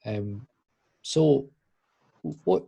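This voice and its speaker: A man's voice: on the low side, expressive, very slow, gravelly, mellow, husky, dull audio. A man hosting a casual church podcast, asking rambling questions with many restarts. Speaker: podcast host.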